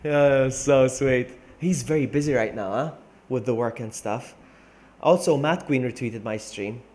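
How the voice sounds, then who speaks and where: A man's voice: medium pitch, a little slow, darkish tone. A young man, chatting casually and rambling while streaming a game. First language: Maltese. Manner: chatty, rambling, laughs often. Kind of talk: casual live-stream chat.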